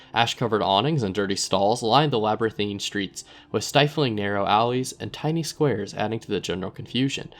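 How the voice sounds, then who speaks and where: Low-voiced man reading game text. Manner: relaxed, thinks aloud with fillers. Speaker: gaming video host.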